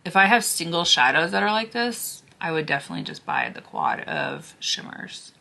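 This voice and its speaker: A woman vlogger chatting casually through a makeup declutter, gushing and sometimes dropping to a hushed near-whisper, her voice hoarse as she loses it. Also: fairly low pitch, wildly swooping pitch, moderate pace. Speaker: beauty vlogger.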